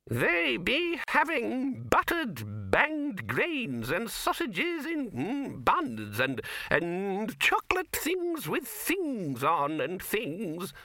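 A man's voice: sits high, huge pitch swings, drawn-out words, bright, forceful tone, pitched above the performer's own voice, full character voice. A man voicing a crafty, toothless, very old male wizard who mumbles and quavers. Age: older.

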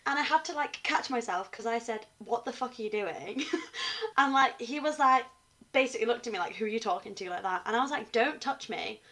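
A woman's voice: fairly high pitch, expressive, fairly quick, fairly bright tone. A young woman, a university student, co-hosting a podcast in casual chat and reading from her notes when she tells a case. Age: young adult. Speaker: podcast co-host.

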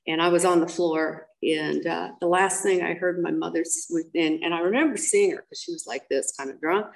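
In a rough recording, an older woman with a lowish, gravelly voice that has a fried edge recounts her life in an interview. She's blunt and candid, peppering her story with ums and acting out quotes.

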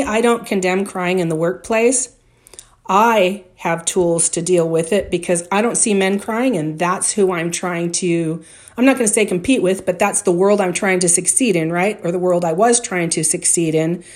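A woman's voice: lowish voice, darkish tone. A middle-aged woman hosting a solo podcast, giving workplace advice in a direct, conversational way. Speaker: podcast host and workplace coach.

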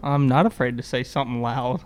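A young man with a Texan accent in casual podcast chat, joking in a deadpan way. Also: mid-range voice, brisk, smooth. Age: young adult.

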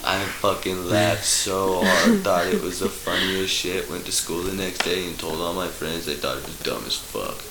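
Deep gravelly man telling rambling jokes. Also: moderate pace, few pauses, roomy sound, over a noisy crowd, poor audio. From Idaho. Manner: rambling, profane joke-telling with voiced characters. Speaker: podcast guest, local musician. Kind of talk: casual storytelling.

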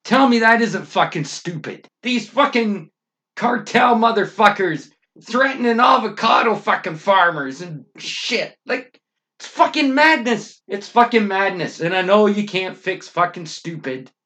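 A man's voice: high-pitched, lively intonation, unhurried, bright, forceful tone. A middle-aged Canadian man hosting a podcast, ranting angrily with constant swearing and emphatic outbursts. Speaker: podcast host. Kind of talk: profane ranting monologue.

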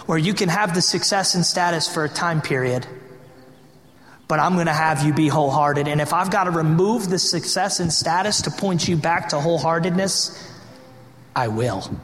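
High-voiced man preaching in an echoey hall. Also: fairly bright tone, a little hiss or hum. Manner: impassioned, emphatic preaching with rhetorical questions. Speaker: pastor. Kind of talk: sermon. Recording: echoey hall with long reverb.

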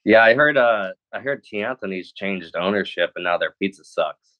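A man's voice: low voice, expressive, normal speed. A man in casual chat, laid-back and agreeable. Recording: dull lo-fi sound.

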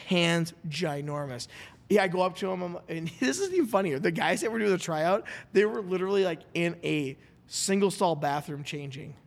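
Sex: man. Role: podcast host. Style: rambling storytelling. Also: a little high. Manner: rambling, animated, quotes people in dialogue. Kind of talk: casual storytelling chat. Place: studio.

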